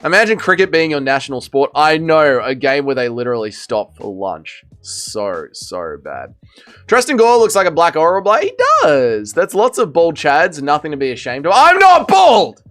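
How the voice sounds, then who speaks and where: Aussie guy hosting a livestream, bouncy animated pitch, reads chat and protests a lot, bit self-mocking. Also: normal speed, faint music behind. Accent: Australian. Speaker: livestream host. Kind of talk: casual livestream chat, reading out chat messages.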